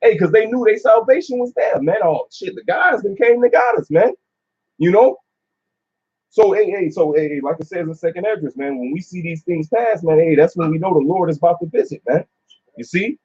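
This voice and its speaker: A high, slightly mellow voice with a breathy edge belongs to a man teaching scripture during a casual talk among a few men. He moves a little fast, sounds preachy, and leans heavily on "uh" and "man." The recording is dull and lo-fi.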